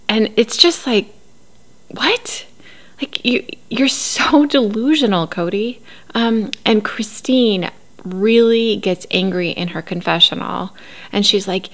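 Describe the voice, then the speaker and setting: A woman's voice: lowish voice, measured pace, fairly bright tone. A woman recapping a reality show in casual, opinionated commentary, laughing often. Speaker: recap host.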